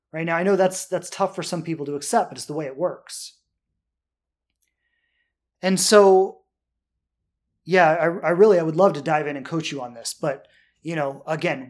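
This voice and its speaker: A man coaching on relationships, answering listener questions in an earnest way and often checking in with "right?". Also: high-pitched.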